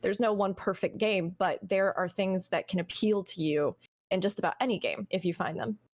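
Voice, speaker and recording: A woman's voice: medium pitch, normal speed. Young woman, podcast guest, earnest and chatty, slips into little quoted voices. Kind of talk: casual podcast chat.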